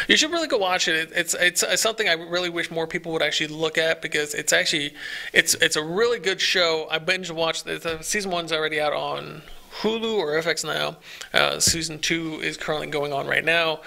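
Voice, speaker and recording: Gravelly, bright-voiced man rambling eagerly. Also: fairly high pitch. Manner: rambling, many restarts, enthusiastic recommending. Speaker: podcast co-host. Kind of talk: casual chat.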